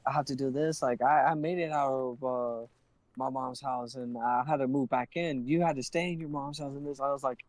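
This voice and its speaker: A man's voice: mid-range voice, fairly even intonation, a little fast, dry recording, low-quality recording. Young man ranting a story, heavy swearing. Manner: heated, profane retelling of an argument, acting out both sides. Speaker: livestreamer. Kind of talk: casual storytelling on a live stream.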